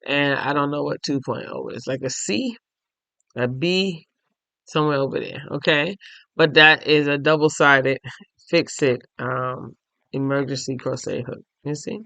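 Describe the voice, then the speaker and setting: A tired, yawning man hosting a crochet and knitting podcast, chatting casually as he shows his items to viewers and thinks out loud. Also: a little high, fairly even intonation, measured pace, creaky, no echo. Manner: chatty, thinks aloud, addresses viewers directly. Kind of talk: casual show-and-tell chat.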